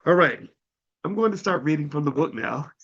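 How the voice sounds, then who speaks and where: A middle-aged man delivers a livestreamed finance talk in a bright, forceful voice. He preaches and repeats his points, sometimes heated and profane. The sound is dull and lo-fi. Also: fairly high pitch, lively intonation, fairly quick, husky. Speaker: finance educator.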